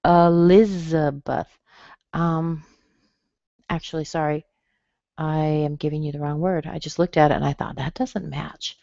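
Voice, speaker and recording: Lady teaching pronunciation online, slow careful syllables, kinda dull dry audio. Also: deep voice, little pitch movement, vocal fry, darkish tone, no room sound. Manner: slow, careful, over-enunciated demonstrations of stress. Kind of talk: webinar lesson.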